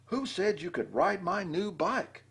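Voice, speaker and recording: A man reading a storybook aloud and voicing an angry young boy bear cub, with a husky voice and raised pitch. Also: lively intonation, a little slow, a bit bright, heavily acted. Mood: upset.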